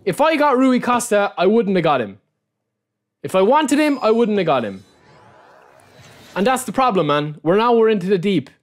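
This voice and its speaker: An excitable Irish man streaming a card-pack opening, his fairly high voice swinging widely in pitch. He talks straight to his viewers and repeats his lines over and over. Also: moderate pace, long pauses. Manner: excitable, repeats phrases, keeps addressing the viewers as lads. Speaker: gaming YouTuber opening card packs. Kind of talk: live-streamed gaming commentary.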